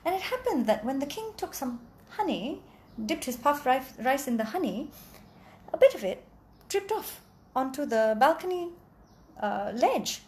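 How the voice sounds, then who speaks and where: Expressive woman storyteller, high lively voice, playful sound effects. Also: a little slow. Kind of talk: oral storytelling.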